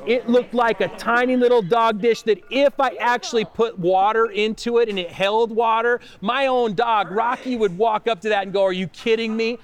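A pastor telling a personal story in a sermon, lively at times and quiet and prayerful at others. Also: male voice, sits high.

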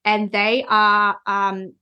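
A woman's voice: mid-range voice, little pitch movement, extremely slow, clear, resonant tone, lo-fi sound. A woman, a guest reader, explaining concepts in a conversational chat and often checking in with "right?". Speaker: Human Design reader, guest.

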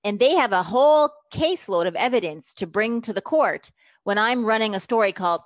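A woman relationship coach, speaking as an interview guest, lively and emphatic, acting out quoted lines as she explains her method. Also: medium pitch, a little fast, dry recording, clean studio sound.

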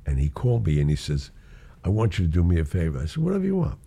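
A deep, gravelly older man spins show-business stories in a loose, chatty way, his pitch leaping around as he acts out other people's lines. His voice is low and husky, with a frequent laugh breaking in. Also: very fast. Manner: animated storyteller who acts out quoted voices and laughs often. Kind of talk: casual anecdote.

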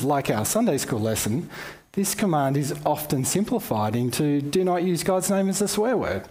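Aussie guy doing a bible talk, voice goes up and down a lot, chatty. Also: on the high side. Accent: Australian. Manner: conversational, lively teaching with asides. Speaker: Bible teacher. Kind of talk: sermon-style Bible talk.

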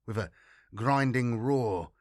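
Measured male audiobook narrator. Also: mid-range voice, a little mellow, no room sound, clean studio sound. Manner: measured, dramatic reading. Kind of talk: scripted narration of science fiction.

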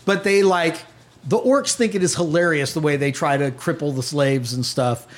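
A man with a somewhat high voice leads a tabletop game as game master. He describes scenes in a loose, chatty way, full of fillers and quick laughs.

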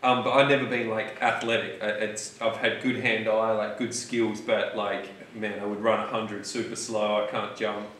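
Host, earnest and reflective, lowish voice, echoey warehouse sound. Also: male voice, little pitch movement, moderate pace, hardly any pauses, a bit bright, slight background noise. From Australia. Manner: reflective, earnest, using "man" and "you know". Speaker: podcast host. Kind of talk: casual podcast chat. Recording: echoey warehouse, mic at a distance.

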